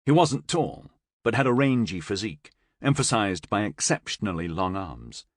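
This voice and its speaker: A man with a somewhat low voice narrates a science fiction audiobook at a moderate pace, telling the scripted story expressively. The studio sound is clean and free of echo.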